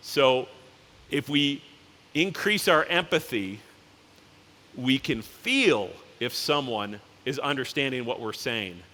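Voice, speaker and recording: Here the CEO's voice is mid-range, animated and sharp-toned. In a large conference hall with a reverberant sound, he gives an informal keynote of stories, acting out their characters in quick voices.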